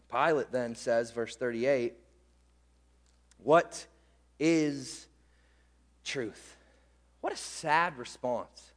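A man preaching a sermon as pastor, fired up and emphatic, hammering repeated phrases. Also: very high voice. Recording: long hall reverb.

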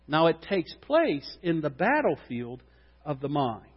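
A male pastor preaching a sermon, swinging between loud emphatic preaching and quiet joking asides. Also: a little high, sing-song, measured pace. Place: church sanctuary. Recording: dull sound with long hall reverb.

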